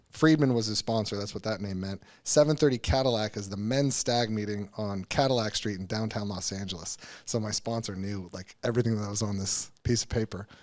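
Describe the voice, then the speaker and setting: Appearing as a guest on a podcast, a man with a voice on the low side shares a personal story candidly and earnestly. He frequently restarts his sentences and swears casually.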